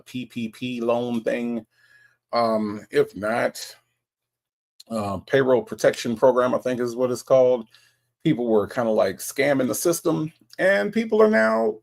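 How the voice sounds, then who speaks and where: A man's voice: medium pitch, gravelly. A man hosting a casual livestream and reading out viewer greetings in a chatty way. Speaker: livestream host.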